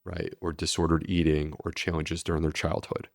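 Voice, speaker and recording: A man's voice: rumbling low, little pitch movement, moderate pace, vocal fry, dry recording, studio quality. A man, a medical doctor, explaining steadily and earnestly in a podcast interview. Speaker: gastroenterologist guest.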